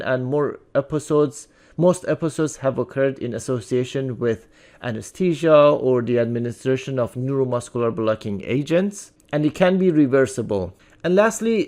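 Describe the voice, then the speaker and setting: A man giving a recorded pharmacy lecture in a conversational way, full of fillers like "uh" and "you know" and restarted words. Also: medium pitch.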